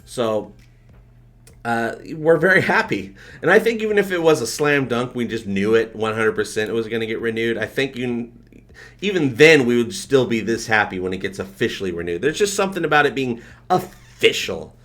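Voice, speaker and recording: A man hosts a live stream in a loose, rambling way. He talks with excitement and keeps thanking his viewers. His voice sits at an ordinary middle pitch. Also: moderate pace. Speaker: livestream host. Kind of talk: casual live-stream chat.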